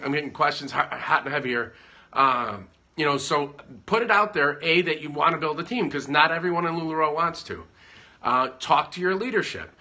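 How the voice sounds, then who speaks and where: A man's voice: a little high, pushed and bright. A man chatting casually at home on a livestream, giving business advice in a rambling, joking way. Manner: rambling, self-interrupting, joking.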